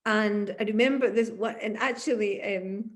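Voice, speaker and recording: A woman's voice: mid-range voice, moderate pace. Scottish woman telling stories with laughter. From Glasgow, Scotland. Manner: animated storyteller, laughs often. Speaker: musician interviewee. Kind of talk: oral history interview.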